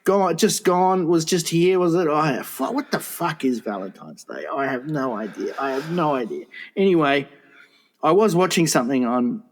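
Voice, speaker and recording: A man's voice: fairly high pitch, lively intonation, moderate pace, a little hiss or hum. Crude, rambling older man telling a story. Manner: crude, swearing, rambling anecdotes. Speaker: podcast co-host. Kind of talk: casual comedy podcast storytelling.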